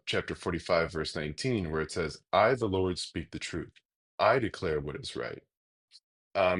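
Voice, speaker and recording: A man teaching a Bible lesson in a relaxed, explanatory way, often pausing with hesitations as he talks. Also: low-pitched. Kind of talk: casual teaching monologue.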